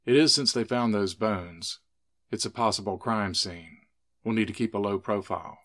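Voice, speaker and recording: A man's voice: fairly low pitch, moderate pace, fairly bright tone, close to an everyday voice. A man voicing a swaggering, teasing young man, the sheriff's son, in a spoken story. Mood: serious.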